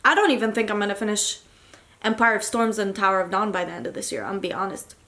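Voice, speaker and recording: A woman's voice: mid-range voice, quick pace, a bit bright. A young woman in a casual reading vlog, chattily rambling through a plot recap with lots of filler words. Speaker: book vlogger.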